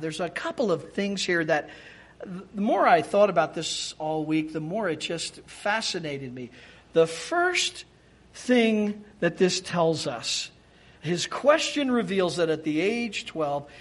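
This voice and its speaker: High-voiced preacher with an animated delivery. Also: male voice, husky. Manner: animated, acts out quoted speech in changed voices; repeats and restarts words while thinking aloud. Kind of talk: sermon.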